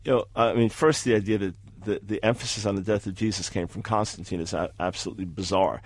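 Measured man giving a rebuttal. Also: lowish voice, steady tone, breathy edge, dry recording. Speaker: debater. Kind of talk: debate rebuttal.

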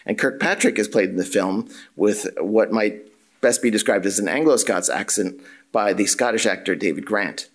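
A man, a drama and theatre studies lecturer, reading an academic paper aloud in a measured, formal way with occasional dry asides. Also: lowish voice.

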